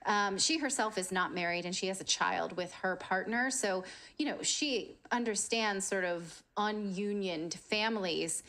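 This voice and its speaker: A woman co-hosting, calmly summarizing a news story in a matter-of-fact way. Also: medium pitch, measured pace. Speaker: co-host reading news.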